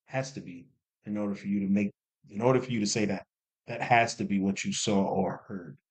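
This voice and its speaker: A man talking casually to camera as a commentary host, animated and repeating points for emphasis. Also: on the low side, a little fast, slightly rough. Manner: animated, repeats himself for emphasis, jokey asides. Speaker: commentary YouTuber.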